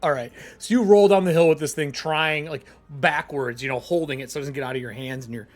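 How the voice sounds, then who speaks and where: A man's voice: a little high, fairly quick, faint music behind. A man running a tabletop game as game master, narrating casually, swearing freely and laughing as he talks.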